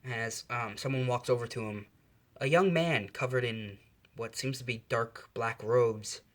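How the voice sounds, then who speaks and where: A man's voice: mid-range voice, unhurried. A man casually narrating a fan story in a loose, unscripted way. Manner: loose, with fillers and restarts.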